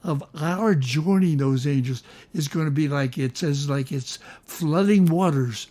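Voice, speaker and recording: An older man hosting a casual chat, explaining hymn harmony with enthusiasm, sometimes slowing down for emphasis and humming bits of melody. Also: fairly high pitch, warm tone. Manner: enthusiastic, sings melody fragments, slows for emphasis. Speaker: host, music teacher.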